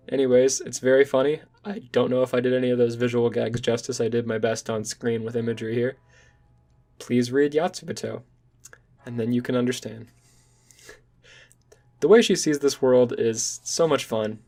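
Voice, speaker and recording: A man's voice: medium pitch, darkish tone. A young man recapping and recommending a manga in a casual, enthusiastic vlog. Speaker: manga reviewer.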